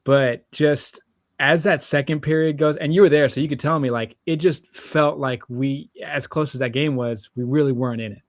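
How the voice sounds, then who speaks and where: A man's voice: on the high side, fairly even intonation, moderate pace, no echo, clean studio sound. A young man co-hosting a sports podcast, talking casually and hesitantly with many fillers. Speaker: podcast co-host.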